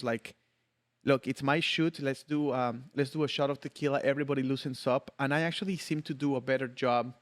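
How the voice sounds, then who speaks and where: A man hosting a podcast, chatting casually and joking with his guest, laughing often. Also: medium pitch. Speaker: podcast host. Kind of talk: casual interview chat.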